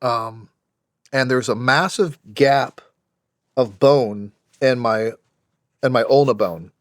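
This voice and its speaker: Here a middle-aged American veteran, speaking in a mid-range voice, is a podcast guest recounting his experiences with candor. He frequently restarts and fills pauses, and the studio-quality audio carries no room sound.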